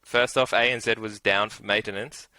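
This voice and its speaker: A man's voice: on the low side, steady tone, moderate pace, pushed and bright, no room sound, low-quality recording. A young Australian man casually telling a betting story, rambling with lots of "like", swearing and laughs. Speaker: interview guest, punter.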